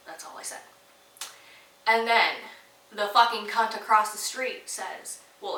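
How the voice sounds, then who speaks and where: A young woman from Toronto hosting a podcast, telling a story in a sassy, animated, heavily profane way. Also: mid-range voice, moderate pace, roomy sound, distant mic, slight background noise, rough recording. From Toronto, Canada. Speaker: podcast host. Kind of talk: casual storytelling monologue.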